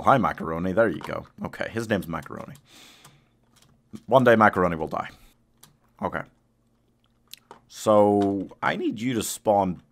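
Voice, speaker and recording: A man live-streaming a game, talking casually to his chat and yelling at his pet dog. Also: low voice, vocal fry.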